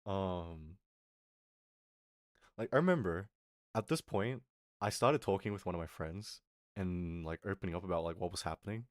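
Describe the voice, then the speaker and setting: A young man streamer telling a story in a casual rant, animated and swearing, acting out what people said. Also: deep voice, moderate pace, pauses often, no echo, clean studio sound.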